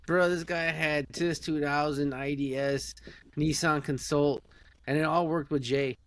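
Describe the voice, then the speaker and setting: A man's voice: a little high, steady tone, unhurried, a bit bright, no echo. An American man in his forties, co-hosting a podcast in a brash, casual way and swearing freely. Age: 40s. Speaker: podcast co-host. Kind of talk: casual chat.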